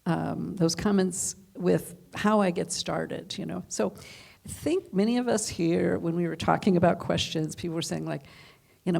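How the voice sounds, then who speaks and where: A woman's voice: fairly low pitch, animated, moderate pace, creaky, darkish tone. A woman hosting an interview, chatty and searching for her words as she frames a question. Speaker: interviewer and host. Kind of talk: conversational interview.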